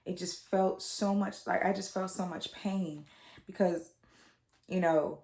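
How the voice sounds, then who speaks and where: A woman's voice: lowish voice, fairly even intonation, a little slow, darkish tone, reverberant. A woman in her twenties telling a personal story to her viewers, candid and emotional, with lots of fillers and repeated words, tearing up at times. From United States. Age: 20s. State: tearful at times. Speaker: vlogger.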